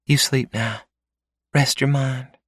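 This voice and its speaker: A man voicing a soft, soothing young woman. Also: medium pitch, steady tone, slow, slightly rough, no room sound, studio quality, voice pushed up. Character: gentle young woman nursing a dying man.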